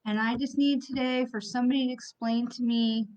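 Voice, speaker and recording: A woman's voice: a little high, steady tone, a little fast, darkish tone. Middle-aged woman, psychic medium host, blunt and angry, swears then apologizes; muffled stream audio. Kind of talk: livestream talk to viewers. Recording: slightly dull lo-fi stream audio.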